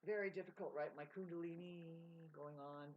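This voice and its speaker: A woman's voice: fairly low pitch, fairly even intonation, normal speed. A woman vlogging in a rambling, profane casual monologue, laughing mid-sentence. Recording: dull lo-fi sound.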